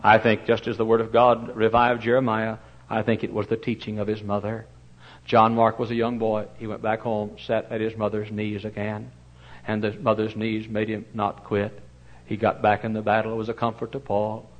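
A male pastor preaching a storytelling sermon, folksy and animated, with many fillers and sudden loud bursts. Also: on the low side, normal speed, highs cut off.

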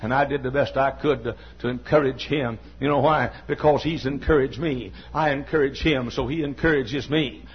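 An older man preaching a sermon as pastor, repeating his points and building up to shouts. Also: mid-range voice, fairly even intonation, normal speed, few pauses, breathy edge, dull audio. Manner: impassioned preaching, repetitive, rising to shouts.

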